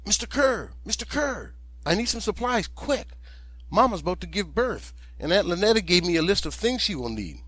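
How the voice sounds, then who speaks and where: A man doing an urgent, excited farm boy. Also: sits high, normal speed, slightly rough, dry recording, pitched above the performer's own voice, heavily acted. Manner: urgent, breathless calling out.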